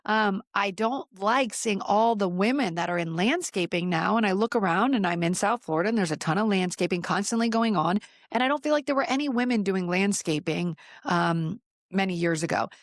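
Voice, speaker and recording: A woman's voice: fairly high pitch, dry recording, studio quality. A woman hosting a motivational podcast, talking to listeners in an encouraging, conversational way. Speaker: podcast host.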